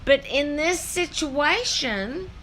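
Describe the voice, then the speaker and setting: A woman rambles slowly through casual reaction commentary, stopping often for fillers. Her bright voice swings widely in pitch. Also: animated, slight background noise. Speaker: reaction video host.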